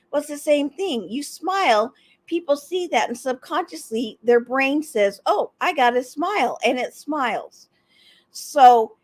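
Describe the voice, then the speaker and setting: A middle-aged woman hosting a motivational talk show, animated and repeating her points for emphasis. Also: fairly high pitch. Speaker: host, life coach.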